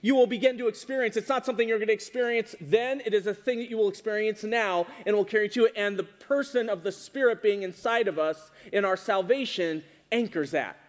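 High-voiced man preaching in a hall. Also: brisk, hardly any pauses. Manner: animated, asks the congregation questions. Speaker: pastor. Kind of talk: sermon. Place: church hall with congregation. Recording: reverberant hall.

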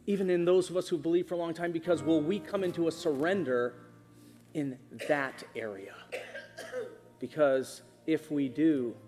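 A man preaching a sermon as pastor in a church auditorium, animated and emphatic, on a stage microphone. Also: a little high. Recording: reverberant hall with music behind.

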